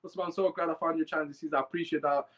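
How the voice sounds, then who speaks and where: A man's voice: a little high, steady tone, racing, fairly bright tone, low-quality recording. A young man, hosting a live fan podcast and ranting heatedly while swearing and reading chat comments. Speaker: podcast host.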